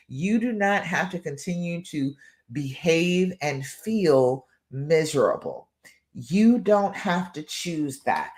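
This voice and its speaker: Low-voiced woman coaching on a live stream. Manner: encouraging, emphatic, repeats "all right" and "okay". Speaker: relationship coach and live show host.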